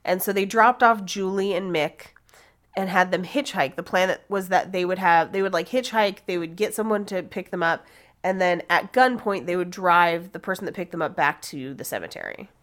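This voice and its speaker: A woman's voice: lowish voice, normal speed, a bit bright. A woman podcast host telling a true-crime story in a casual, chatty way, laughing and swearing now and then.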